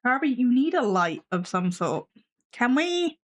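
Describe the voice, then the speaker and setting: A woman's voice: a little high, very animated, a little slow. A woman hosting a casual live stream from her desk at home, chatting with viewers and her cat with a sarcastic, self-mocking humor.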